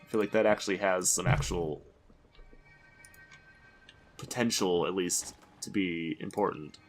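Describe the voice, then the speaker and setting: A man's voice: low voice, a little slow, soft background music. A man giving exasperated, swearing let's-play commentary, rambling and restarting his sentences. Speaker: gaming commentator.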